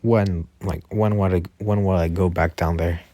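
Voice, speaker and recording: A man's voice: low-pitched, fairly even intonation, moderate pace, warm tone, dry recording. A man voicing a nervous teenage boy hero, hesitant and questioning, with many fillers. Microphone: Discord voice chat.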